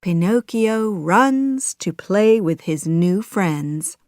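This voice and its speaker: A woman narrating a children's audiobook in a slow, clear storytelling manner. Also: mid-range voice, lively intonation, darkish tone, no room sound, clean studio sound.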